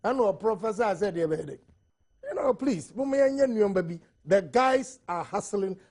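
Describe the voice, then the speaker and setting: A man's voice: high voice, lively intonation, moderate pace, a little mellow. A Ghanaian man speaking emphatically on a TV panel, switching between Twi and English. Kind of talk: TV studio panel discussion.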